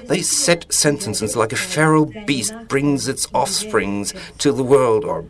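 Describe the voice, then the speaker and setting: A man, an author, giving a reflective spoken essay in a deliberate, musing way with small restarts. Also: medium pitch, crowd noise. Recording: audience noise in the room.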